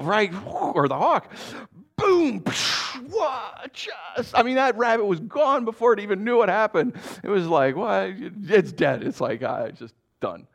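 A man's voice: on the high side, fairly bright tone. A man, a pastor, giving a casual, conversational sermon to a congregation. He chuckles often and keeps checking in with "right?".

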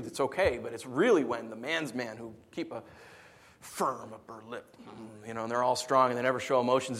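A man preaching a sermon as a pastor. He speaks in an animated, conversational way and often repeats words as he restarts his sentences. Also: mid-range voice.

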